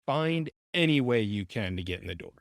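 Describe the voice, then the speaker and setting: A male podcast host with a smooth, clear voice at a middle pitch. He talks in a relaxed way and often restarts his sentences. The sound is dry and close. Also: a little fast, dry recording. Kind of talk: casual interview.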